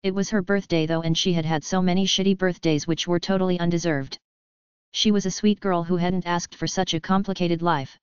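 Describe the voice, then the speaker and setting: A woman narrating an audiobook in a steady first-person reading. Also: lowish voice, a little fast, smooth, no echo. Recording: dry, slightly muffled recording.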